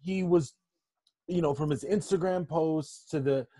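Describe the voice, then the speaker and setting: A man co-hosting a casual movie chat, talking hesitantly in halting, restarted phrases. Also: on the high side, dark tone, breathy edge, no room sound, studio quality. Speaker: podcast co-host.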